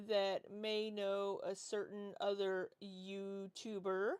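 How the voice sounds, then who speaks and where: A woman's voice: mid-range voice, clean tone, no room sound. A woman in her forties chatting casually on a livestream, rambling as she reads and answers chat. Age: 40s. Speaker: livestream host.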